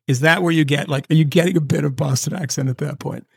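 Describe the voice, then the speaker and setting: Gravelly man, rambling podcast chat. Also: on the high side, fairly even intonation, dry recording, studio quality. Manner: rambling, jokey, swears, does quick mock voices. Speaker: podcast co-host. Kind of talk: casual chat. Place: home setup on a video call.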